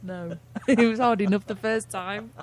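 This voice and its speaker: A woman's voice: medium pitch, steady tone, a little slow. Giggly British woman radio co-host. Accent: British English. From England. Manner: giggly and self-mocking. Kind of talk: casual radio chat.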